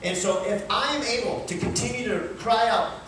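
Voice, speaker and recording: Man, sermon, high voice, very echoey hall, distant mic, faint noise. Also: normal speed, few pauses. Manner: animated preaching, rising to fervent cries. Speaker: pastor. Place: large church sanctuary. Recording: echoey room, miked from far off.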